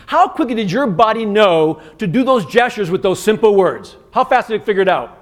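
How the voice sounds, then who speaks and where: A man giving an interactive keynote as a communication coach, energetic and firing quick commands at the audience. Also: high voice. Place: conference stage in a large hotel venue.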